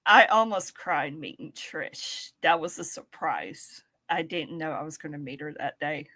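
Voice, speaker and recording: A woman co-hosting a casual chat, telling excitable, giggly stories. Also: low-pitched, a little slow. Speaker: podcast co-host.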